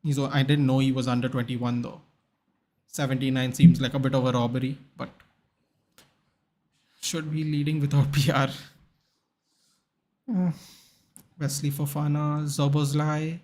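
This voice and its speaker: A young man with a slightly high, somewhat mellow voice hosts a live football watchalong stream. He chats casually, answers viewers in the chat, and reads out names and match stats.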